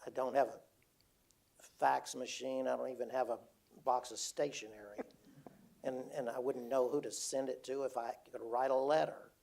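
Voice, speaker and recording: An older retired man telling a personal story to an audience, halting and repeating words as he quotes others. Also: medium pitch, flat delivery, gravelly, a little mellow. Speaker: speaker. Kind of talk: storytelling talk.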